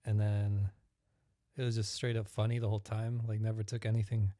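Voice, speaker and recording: A man's voice: lowish voice, level tone, a little fast, mellow, dry recording, clean studio sound. A man co-hosting a casual movie review podcast, laid-back and playful, laughing often. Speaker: podcast co-host.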